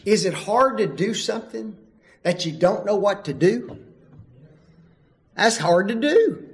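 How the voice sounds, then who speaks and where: A man preaching a sermon in a slow, deliberate cadence. His fairly high voice rises and falls widely, jumping up for loud calls and dropping low for hushed asides. He leans hard on rhetorical questions. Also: expressive.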